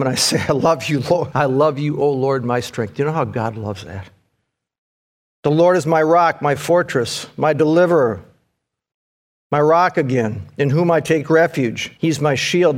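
A man delivering a sermon in an easygoing, conversational way. His voice sits a little above the usual male range, and it swings up high and loud when he reads scripture with fervor. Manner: fervent, climbs high and loud reading scripture aloud; casual, calls listeners "man" and "guys". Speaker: preacher.

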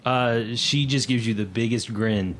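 A man's voice: medium pitch, unhurried, a bit bright, a little hiss or hum. A man narrating a tabletop game as game master, playful and slipping into character voices.

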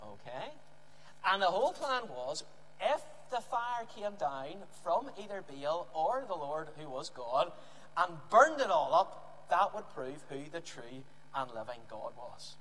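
A male preacher tells a Bible story to his congregation with lively, acted-out delivery. His voice sits high and swings widely in pitch. It carries through a reverberant hall with a faint background hiss. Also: a little slow. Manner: lively storytelling, acting out scenes. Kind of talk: animated children's Bible story.

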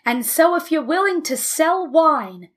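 A woman voicing a stubborn, proud middle-aged father in a storybook reading, blunt and quick to anger. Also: fairly high pitch, close to an everyday voice. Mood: angry.

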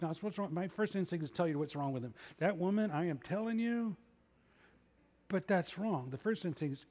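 Pastor preaching in a reverberant hall. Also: male voice, fairly high pitch, darkish tone. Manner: conversational preaching with self-deprecating asides. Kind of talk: sermon. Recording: long reverb of a large hall.

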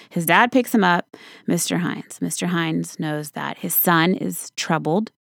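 A woman's voice: on the low side, creaky, dry recording, studio quality. A woman telling a true story in a casual, conversational way, speaking straight to the listener. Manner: conversational, casual swearing, addresses listener directly. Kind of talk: storytelling monologue.

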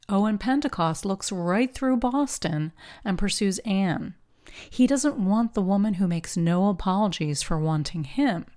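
A woman giving a scripted, measured narration that analyzes an old western film with a wry edge. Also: fairly low pitch, darkish tone. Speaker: film commentator.

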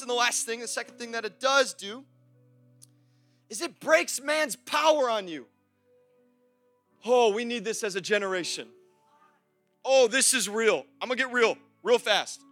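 A young man preaching a sermon at a church service, passionate, moving between shouted praise and quiet, personal confession. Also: extremely high pitch, a little slow, pauses often, no room sound, faint music behind. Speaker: pastor.

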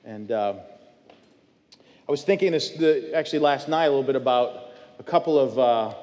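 A pastor preaching a sermon, telling personal stories in a conversational way with many fillers and restarts. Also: male voice, mid-range voice, normal speed, darkish tone. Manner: conversational storytelling with frequent fillers. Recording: long church hall reverb.

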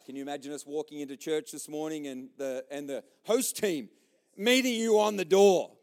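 This pastor's voice is fairly high-pitched and moves at a normal speed. Preaching in church with an Australian accent, he tells jokes and lively stories and speaks directly to the congregation.

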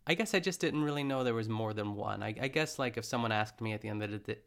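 A man's voice: lowish voice, fast talker, creaky, fairly bright tone. A young man casually recapping a cooking show, rambling and correcting himself with lots of fillers. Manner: rambling, chatty, self-correcting with frequent fillers. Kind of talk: casual chat.

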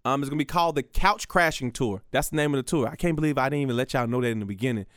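A man's voice: medium pitch, rapid-fire, no echo, clean studio sound. A man hosting a solo podcast, rambling and profane, with lots of restarts. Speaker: podcast host. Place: radio station studio.

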